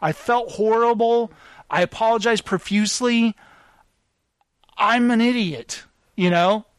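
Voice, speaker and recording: Guy with a high voice telling stories on a podcast, dry sound, laughs at himself. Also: a little slow, smooth, no room sound. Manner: self-deprecating, animated storyteller. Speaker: podcast host. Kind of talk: casual storytelling chat.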